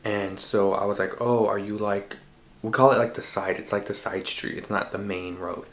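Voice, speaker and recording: A man hosting a podcast, recounting a dream in an animated, slangy and profane way. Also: on the low side, moderate pace. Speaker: podcast host. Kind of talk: casual storytelling. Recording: roomy echo.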